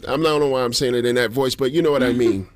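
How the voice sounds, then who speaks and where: A man from Detroit hosts a morning radio show in a studio, trading jokes with his co-host. His voice sits at an everyday middle pitch. He talks in a lively, playful way and sometimes imitates sounds. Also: rapid-fire, dry recording. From Detroit, USA. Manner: animated, jokey, imitates sounds. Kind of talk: casual morning radio banter. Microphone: studio microphone.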